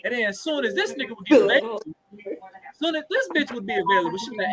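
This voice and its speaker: A man's voice: extremely high pitch, expressive, quick pace, a crowd in the background, rough recording. A man in his thirties telling a story in casual, profane chat as a podcast co-host. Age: 30s.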